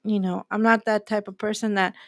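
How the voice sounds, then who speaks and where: A woman's voice: mid-range voice, level tone, brisk, no echo, clean studio sound. A woman hosting a faith talk, preaching in an emphatic way and repeating her key phrases. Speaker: host.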